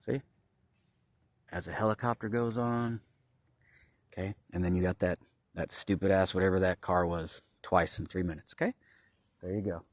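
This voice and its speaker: A man's voice: sits low, fairly even intonation, moderate pace, pauses often, dry recording. A man filming a rambling, agitated vlog outdoors at a campground, swearing often and pointing things out to his viewers. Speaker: vlogger.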